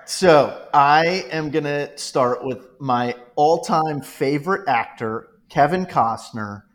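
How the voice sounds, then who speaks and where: A man talking casually as a podcast guest, retelling film scenes in an animated, joking way. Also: a little high, slow pace. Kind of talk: casual movie podcast chat.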